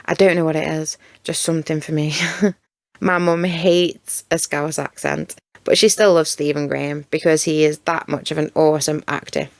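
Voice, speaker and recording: A woman's voice: low-pitched, flat delivery, normal speed, creaky, a little mellow, no room sound. A woman with a Stoke accent narrating in a giggly, chatty way. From Stoke-on-Trent, England. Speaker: documentary narrator. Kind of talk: casual narration.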